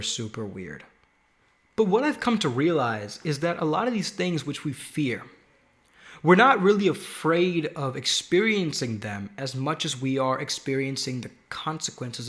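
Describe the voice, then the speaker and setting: A man's voice: on the high side, a bit bright. A man hosting a Christian video show, talking animatedly and posing rhetorical questions to the viewers. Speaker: host. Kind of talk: faith video show monologue.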